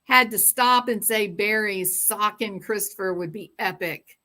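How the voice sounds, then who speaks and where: A woman's voice: medium pitch, unhurried, bright, forceful tone. A woman hosting a true-crime livestream, chatting casually and reading viewer comments with sarcastic, rambling asides.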